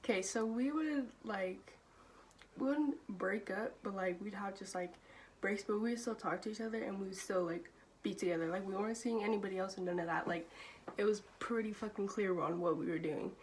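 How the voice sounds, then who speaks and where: Young woman vlogger, casual storyteller, swears freely, laughs between lines, mid-pitched, faint background hum. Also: fairly quick, darkish tone. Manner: casual, profane, laughs often, many "like" fillers. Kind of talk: storytime vlog.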